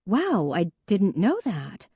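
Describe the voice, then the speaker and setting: A woman voicing a warm, direct younger sister who talks frankly and kindly. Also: medium pitch, huge pitch swings, takes it slowly, husky, no echo, clean studio sound, pitched above the performer's own voice, full character voice. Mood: friendly.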